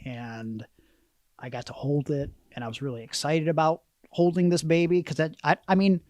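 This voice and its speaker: A man's voice: on the high side, little pitch movement, normal speed, a little mellow, no echo. Rambling self-mocking man, dry close mic. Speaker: podcast co-host. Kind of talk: casual chat.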